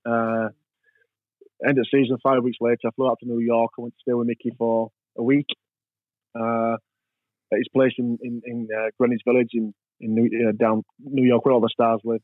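An English man, a guest in a casual interview, tells rambling stories and does the voices of the people in them. His voice is medium-pitched and level, at a moderate pace. The recording is dry and tinny like a phone, with no room sound.

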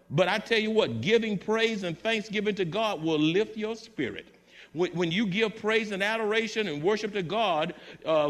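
A man preaching a sermon to his church congregation, building fervor through repetition. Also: high-pitched. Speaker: pastor. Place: church sanctuary.

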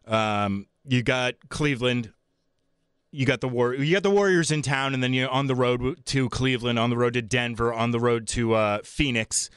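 A man's voice: mid-range voice, moderate pace, smooth, no room sound, clean studio sound. A man hosting sports talk radio, blunt and opinionated, ranting in bursts. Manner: opinionated, blunt, animated rants.

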